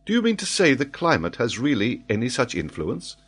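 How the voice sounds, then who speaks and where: Male narrator giving voice to a refined noblewoman, polite, wondering, gently varied pitch. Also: wildly swooping pitch, a little fast, breathy edge, exaggerated voice. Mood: curious.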